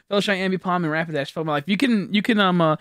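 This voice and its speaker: A young man streaming a video game, chatting casually with viewers, excitable, profane and often laughing. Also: sits high, quick pace, smooth, no echo, clean studio sound. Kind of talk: casual gameplay stream commentary.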